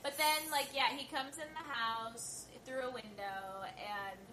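Bubbly woman co-host, slightly high voice, roomy echo, audible background noise. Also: fairly even intonation, unhurried. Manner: bubbly, playful. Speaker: podcast co-host. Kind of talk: casual movie chat.

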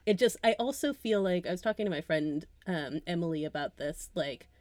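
A woman co-hosting a podcast, chatting casually about films, animated and often laughing as she trails off into asides. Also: fairly low pitch, a little fast, dry recording. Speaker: podcast co-host. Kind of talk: casual film chat.

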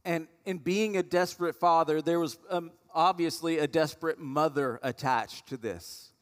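A man's voice: on the high side, moderate pace. A man, a pastor giving a sermon in a conversational storytelling way. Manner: conversational storytelling, acting out voices of the people in the story. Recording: long hall reverb.

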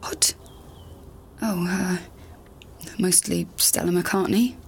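A woman's voice: fairly low pitch, fairly even intonation, takes it slowly, gravelly, slightly rough, full character voice. An actress playing a grown daughter who speaks hesitantly, with wry asides, to her dead mother in a radio drama. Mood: wistful.

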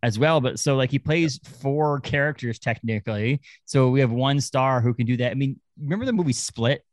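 A man chats as a podcast co-host in a dry, close-miked sound. He rambles in an animated way and often restarts his thoughts. His voice sits at a middle pitch. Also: a little fast, no room sound. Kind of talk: casual chat.

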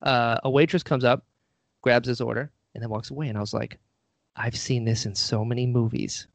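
A man's voice: mid-range voice, steady tone, normal speed, gravelly, no echo. A man telling a story in casual chat, animatedly acting out what people said.

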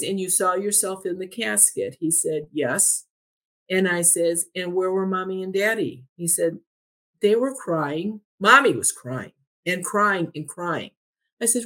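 A woman telling a story in a podcast conversation, retelling a back-and-forth dialogue line by line with a steady "I said, he said.". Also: mid-range voice.

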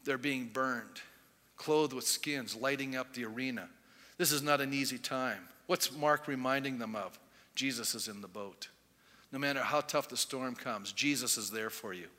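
A man's voice: mid-range voice, moderate pace, bright, forceful tone. A man preaching a sermon as pastor, telling the story animatedly and acting out the quoted voices. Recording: long hall reverb.

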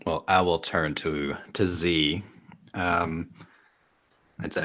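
A man's voice: deep voice, fairly even intonation, takes it slowly, pauses often, fairly bright tone. A man playing a tabletop role-playing game, describing his character's actions with hesitant, amused asides. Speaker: player.

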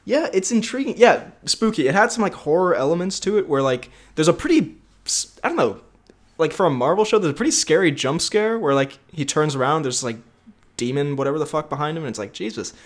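Animated jokey young man. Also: a little high, a little fast. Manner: laughs often, rambling and jokey. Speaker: podcast co-host. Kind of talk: casual chat.

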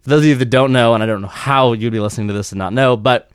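Smooth-voiced man chatting animatedly. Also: medium pitch, rapid-fire, no room sound, clean studio sound. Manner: animated, breaks into mocking impressions. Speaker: podcast co-host. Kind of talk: casual chat.

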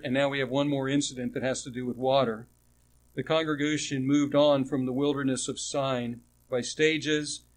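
A man preaching a sermon in a conversational way, asking the congregation rhetorical questions and restarting phrases as he goes. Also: mid-range voice. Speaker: pastor.

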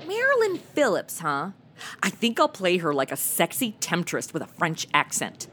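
A woman's voice: low-pitched, animated, normal speed, bright, forceful tone, slight background noise. A woman acting a wisecracking sidekick in a comedic audio drama, full of sarcastic quips. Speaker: reporter's sidekick.

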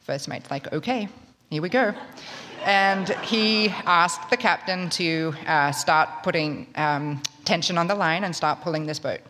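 A woman tells a story to a live audience in a wry, chatty manner. Her voice sits on the low side. The sound carries a long hall reverb. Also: a little slow, hardly any pauses, pushed and bright, a little hiss or hum. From Australia. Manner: wry, conversational, self-mocking.

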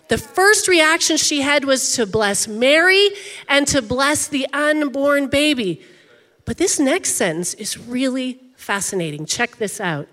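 Bright, high-voiced woman preaching a sermon. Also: lively intonation, a little slow, big-room sound. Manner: conversational, emphatic, uses "like" often. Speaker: pastor.

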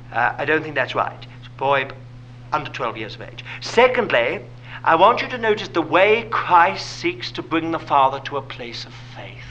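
A man's voice: a little high, a bit bright, highs cut off, a little hiss or hum. A man preaching a sermon, asking rhetorical questions and dropping to a whisper for emphasis.

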